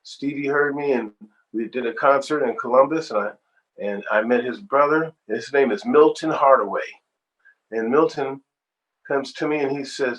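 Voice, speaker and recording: A man, a singer-songwriter, being interviewed and telling stories in an animated, expressive way. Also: medium pitch, normal speed, rough recording. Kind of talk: storytelling interview.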